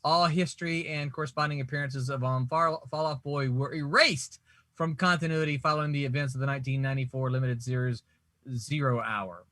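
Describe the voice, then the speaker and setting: A man's voice: mid-range voice, fairly quick, no echo, studio quality. A man hosting a casual group chat about comics, telling stories with lots of laughter and acted-out quotes. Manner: animated storyteller, laughs often, acts out quotes. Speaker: podcast host.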